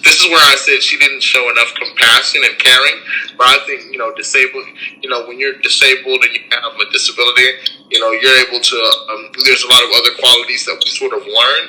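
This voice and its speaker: A man's voice: medium pitch, flat delivery, fast talker, bright, forceful tone, poor audio. A man hosting a podcast, commenting in a rambling, indignant way, full of fillers. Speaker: podcast host. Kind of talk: casual commentary.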